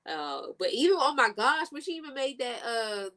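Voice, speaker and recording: A woman's voice: high voice, sing-song, moderate pace, bright, forceful tone. A woman co-hosting a casual review chat over a video call, talking in slangy, chatty bursts and laughing often. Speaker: co-host of a reality show review.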